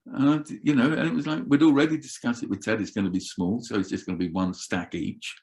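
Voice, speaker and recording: An older man telling roadie stories in an animated, swearing way as an interview guest. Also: medium pitch, a little fast. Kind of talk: casual storytelling.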